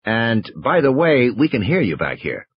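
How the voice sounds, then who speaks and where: A man's voice: mid-range voice, sing-song, moderate pace, husky, dry recording, lo-fi sound. A man voicing a cheerful, salesy male park publicist with a raised, upbeat tone. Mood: cheery salesy.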